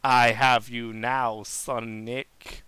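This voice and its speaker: A man's voice: medium pitch, flat delivery, drawn-out words, sharp tone, smooth, dry recording, pitched below the performer's own voice. A man doing a gloating mustached villain. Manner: smug gloating, theatrical evil laughter. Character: gloating scheming male villain, mustached, big-bellied.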